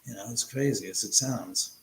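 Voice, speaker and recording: A man's voice: lowish voice, moderate pace, a bit bright, reverberant, low-quality recording. A man hosting a casual livestream, chatting with viewers in a rambling, joking way with crude banter. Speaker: livestream host. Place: room in a house.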